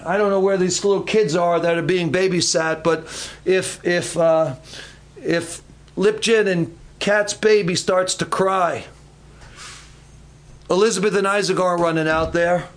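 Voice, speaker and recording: A male preacher in a church tells a Bible story from the pulpit. His voice is high and his pace unhurried. He gives every phrase weight and acts out the speakers as he goes. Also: steady tone. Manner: acts out voices in the story, calls names dramatically. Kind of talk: storytelling sermon.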